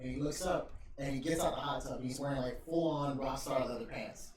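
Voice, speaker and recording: A man on a casual podcast, retelling wrestling stories with loud swearing and laughter. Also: mid-range voice, a little fast, few pauses. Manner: animated storytelling with swearing and laughter. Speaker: podcast host. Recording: roomy, distant, noisy home recording.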